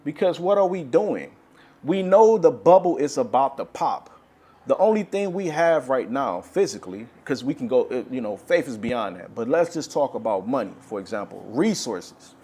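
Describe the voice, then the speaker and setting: A man's voice: mid-range voice, very animated, moderate pace, warm tone, husky. Male religious speaker, urgent and frustrated, preaching off the cuff. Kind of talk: impassioned religious monologue.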